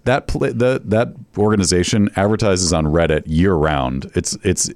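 A man with a fairly low voice hosts a podcast in easygoing chat. He restarts his sentences and chuckles along as he goes. The sound is dry and close, with no room around it. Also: no echo. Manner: relaxed, halting restarts, chuckles often. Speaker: podcast host. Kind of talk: casual chat.

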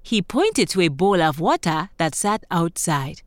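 A woman narrating a children's story in a gentle, expressive way, speaking directly to young listeners. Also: lowish voice, unhurried, dry recording, studio quality.

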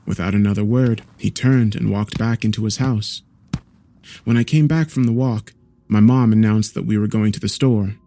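A man narrating a horror story in a measured, somber way. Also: lowish voice, warm tone, no echo.

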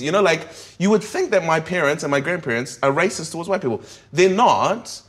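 A comedian talking candidly in an interview, thinking aloud with frequent restarts and tag questions. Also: male voice, a little high, lively intonation, fairly quick, hardly any pauses, a bit bright. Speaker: comedian guest.

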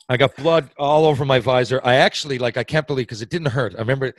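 Speaking quickly at medium pitch, a Newfoundland man with a Newfoundland accent guests on a podcast, telling a long, rambling hockey story. He cuts himself off and restarts, swears casually and laughs easily, on a rough recording with no echo.

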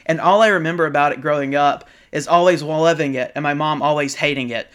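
Excited guy on a podcast, bright punchy voice, keeps saying absolutely. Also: on the high side, fast, clean tone. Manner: enthusiastic, keeps agreeing, laughs. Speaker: podcast guest. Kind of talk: casual chat.

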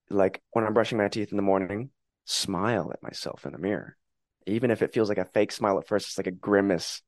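Man, reflective podcast guest; low, steady voice, dry close sound. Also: no echo. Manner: calm, earnest, acts out inner voices. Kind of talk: reflective conversation.

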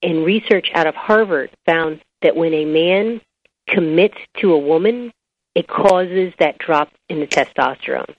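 A woman's voice: low voice, a little slow. A woman guest, an author and biology teacher, explaining her ideas step by step in an interview and telling anecdotes along the way. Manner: animated storyteller, explains step by step. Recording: dull lo-fi recording.

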